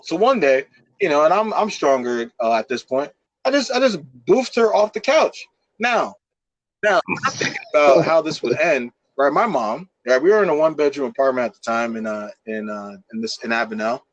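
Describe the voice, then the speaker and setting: A young man co-hosts a podcast in a fairly high voice, spinning a story in an animated, profane way with plenty of fillers. The sound is dry and close to the mic. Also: moderate pace, dry recording, dull audio. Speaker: podcast co-host. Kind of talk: casual storytelling.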